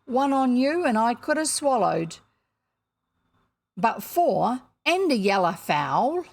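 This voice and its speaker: A woman voicing a cheeky, lazy male burglar who talks loud and slangy, as in a storybook reading. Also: a little high, sing-song, slow pace, creaky, voice pushed up, exaggerated voice. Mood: hoarse, pleading.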